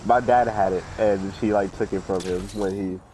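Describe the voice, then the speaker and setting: A man's voice: low-pitched, steady tone, normal speed, noisy background. A young man casually telling a rambling, profanity-laced story while playing a game. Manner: profane, rambling, full of fillers. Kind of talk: casual storytelling during gameplay.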